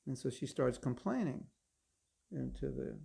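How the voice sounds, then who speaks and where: A man's voice: mid-range voice, expressive, measured pace, gravelly, mellow, breathy edge. A man giving a devotional class lecture as a spiritual teacher, conversational and wry, often putting questions to his listeners. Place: Alachua, Florida.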